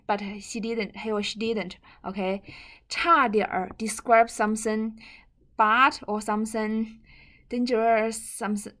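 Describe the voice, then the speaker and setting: A woman's voice: a little high, flat delivery, unhurried, fairly bright tone. A woman whose first language is Mandarin Chinese, teaching a bilingual language lesson and patiently repeating and glossing each word.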